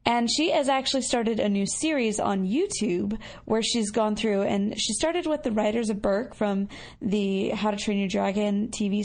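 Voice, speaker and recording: A woman's voice: mid-range voice, vocal fry, darkish tone. A woman co-hosting a podcast, answering listener messages in a casual, chatty way with lots of fillers. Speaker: podcast co-host.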